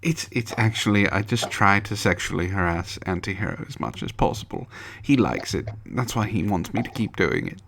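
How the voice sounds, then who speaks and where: A man's voice: low-pitched, lively intonation, normal speed, creaky, few pauses, fairly bright tone, slight background noise. A man co-hosting a casual comedy news show, teasing his co-hosts and laughing often. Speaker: podcast co-host. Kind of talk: casual banter.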